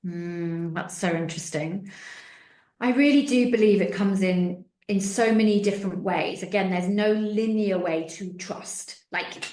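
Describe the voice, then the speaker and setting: A woman's voice: medium pitch, measured pace, a little mellow. Earnest woman guest in an echoey room. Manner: earnest, acts out quoted voices in stories. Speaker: guest, spiritual mentor. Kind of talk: reflective interview answers.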